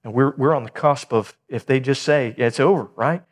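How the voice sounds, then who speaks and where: A middle-aged man preaching a sermon at an ordinary pitch. He tells stories with energy and acts out the voices of the people in them. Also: a little fast. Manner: animated storytelling, acting out dialogue. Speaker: pastor.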